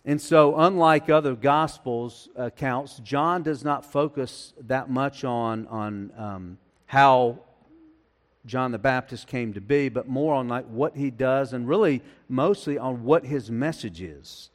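Conversational pastor in a reverberant hall. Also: male voice, mid-range voice, slow pace. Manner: conversational, many restarts and fillers. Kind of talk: sermon.

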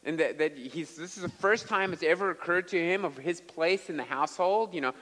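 A man preaching a sermon, telling stories with an animated delivery and sudden bursts of volume. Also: fairly high pitch, fairly quick, hardly any pauses, in a large hall. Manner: animated storyteller with dramatic volume swings. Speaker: pastor.

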